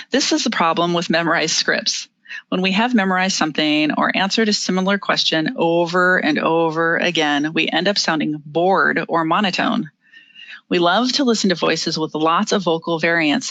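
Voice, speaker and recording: Bright, crisp webinar presenter. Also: mid-range voice, no echo. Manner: explains steps clearly, with some fillers and small laughs. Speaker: webinar presenter on body language. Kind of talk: instructive presentation.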